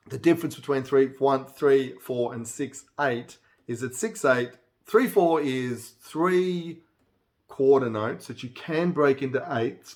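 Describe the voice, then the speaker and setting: A man giving a casual music theory lesson as a songwriter, explaining rhythm by counting beats aloud in a relaxed, rambling way with restarts. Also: medium pitch.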